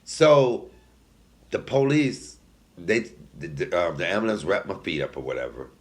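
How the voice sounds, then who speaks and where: Speaking directly to his audience, this forties-aged man recounts a personal story in comedic style, full of sass and animation. He drops into quiet asides, erupts into loud bursts, and chuckles at his own jokes, all in a low, unhurried voice.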